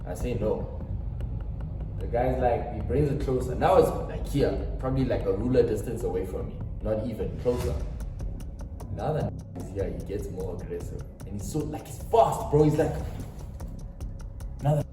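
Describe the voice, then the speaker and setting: A man's voice: mid-range voice, lively intonation, moderate pace, pauses often, distant mic. A young South African man telling a dramatic storytime vlog, acting out quotes and tossing slangy asides to viewers. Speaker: storytime vlogger. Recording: roomy echo, off-mic, faint music.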